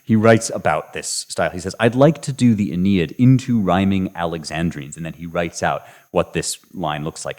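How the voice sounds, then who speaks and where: A man's voice: low-pitched, normal speed, hardly any pauses, darkish tone. A man hosting a podcast, talking through poetry in a thoughtful, casual way with frequent restarts and hesitations. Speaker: podcast host. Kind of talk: casual literary commentary.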